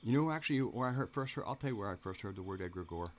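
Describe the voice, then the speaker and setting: Man, very low voice, rambling live-stream host, restarts, faint hiss, crickets in background. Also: lively intonation, very fast. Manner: rambling, many restarts, chats with viewers. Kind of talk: casual live-stream monologue.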